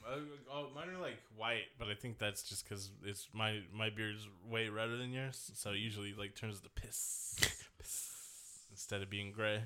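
Bright-voiced man rambling on a podcast. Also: fairly low pitch, normal speed. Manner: rambling, laughs often, swears casually. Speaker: podcast co-host. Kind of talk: casual chat.

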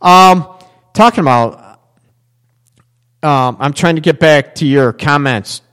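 A man's voice: fairly high pitch, takes it slowly, fairly bright tone, smooth, in a large hall. A man hosting a relationship radio show, talking bluntly in a rambling, casual way full of fillers.

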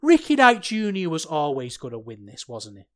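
A podcast co-host reviewing a wrestling match in casual chat, ranting with passion and then turning soft and sheepish. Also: medium pitch, wildly swooping pitch, normal speed.

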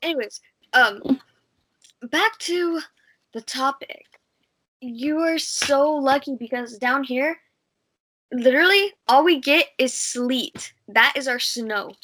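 A high-pitched woman from Texas chats on a podcast, her voice bright and lively. She has a light Texan accent and rambles bubbly through her points with plenty of fillers. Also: takes it slowly, long pauses. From Texas, United States. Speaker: podcast co-host. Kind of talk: casual chat.

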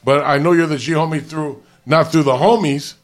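A man's voice: on the high side, steady tone, normal speed. A man from Los Angeles telling a story in casual, profane street slang, rambling with restarts. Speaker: podcast co-host.

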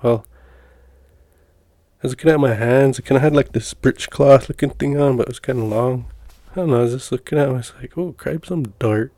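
Middle-aged man, folksy storyteller, rambling with fillers, mellow tone, dry close sound. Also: mid-range voice, steady tone, brisk, no room sound. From Montana. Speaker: podcast guest telling personal stories. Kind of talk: casual storytelling.

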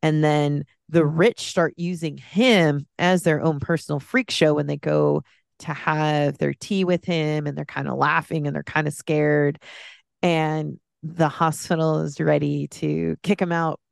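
A woman's voice: deep voice, fairly even intonation, unhurried, gravelly, dry recording, studio quality. A woman guest on a podcast, chatting casually and with feeling about a film, rambling and restarting her sentences. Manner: rambling, heartfelt, many restarts.

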